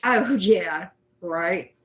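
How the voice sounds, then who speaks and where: A woman's voice: fairly low pitch, very slow. A woman, hosting a casual live chat, greeting viewers by name in a loose, self-deprecating way. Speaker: livestream host.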